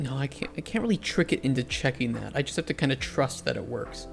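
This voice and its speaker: A man's voice: medium pitch, lively intonation, fast, gravelly, soft background music. A man, an indie game developer, chatting casually on a livestream while he codes. He answers chat and often restarts his sentences.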